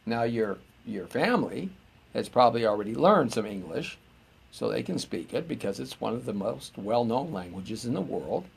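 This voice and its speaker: A man's voice: mid-range voice, big pitch swings, normal speed, creaky, breathy edge. A middle-aged man hosting a live show, rambling and joking as he muses aloud to viewers. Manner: rambling and jokey, musing aloud.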